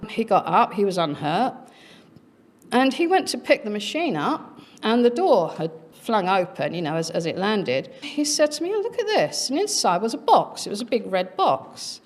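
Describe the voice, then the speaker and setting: Conference speaker, woman, middle-aged, anecdotal and chatty, voices the people she quotes. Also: a little high. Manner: chatty, frequent fillers, acts out quoted voices. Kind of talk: conference talk, personal anecdote.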